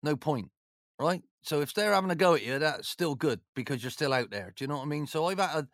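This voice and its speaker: Animated man, lively rambling talk. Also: a little high, fast, no room sound, clean studio sound. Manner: animated, rambling, jokey, many "you know"s. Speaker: former football manager, interview guest. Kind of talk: casual storytelling chat.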